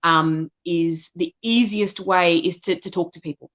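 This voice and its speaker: A woman's voice: on the low side, fairly even intonation, unhurried, a bit bright. A woman, assistant director and narrator, answering questions at a live Q&A in a thoughtful way, often restarting her sentences. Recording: dull lo-fi sound.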